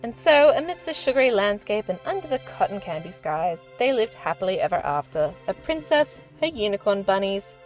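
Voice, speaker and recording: A woman reading a children's storybook aloud in a gentle, expressive storytelling manner. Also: medium pitch, fairly quick, hardly any pauses, faint music behind.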